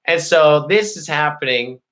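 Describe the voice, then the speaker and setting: A man's voice: a little high, animated, measured pace, a bit bright. Profane, boastful man telling a story. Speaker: host. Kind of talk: casual storytelling to a live chat.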